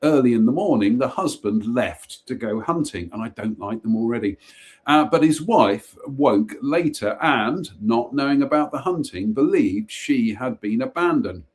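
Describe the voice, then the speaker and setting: A man's voice: mid-range voice, lively intonation, moderate pace, darkish tone. Man reading ghost stories with wry asides. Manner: reads aloud with asides, stumbles and restarts.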